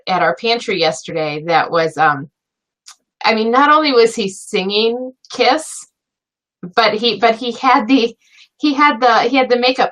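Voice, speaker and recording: Bright Upper Midwestern woman co-host. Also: a little high, rough recording. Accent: Upper Midwestern American. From northern United States near Canada. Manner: animated storyteller, quick to laugh. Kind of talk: casual live-stream chat.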